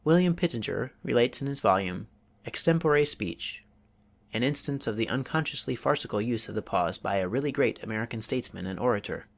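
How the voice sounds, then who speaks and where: A man reading a public speaking manual aloud as an audiobook, in a measured, deliberate way with pauses. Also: medium pitch, lively intonation, vocal fry. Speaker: audiobook reader.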